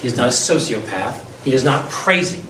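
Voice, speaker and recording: A man's voice: mid-range voice, animated, fairly quick, fairly bright tone. A male defense attorney giving an opening statement to a jury, emphatic and full of rhetorical questions. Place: courtroom. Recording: echoey courtroom, distant mic, faint hiss.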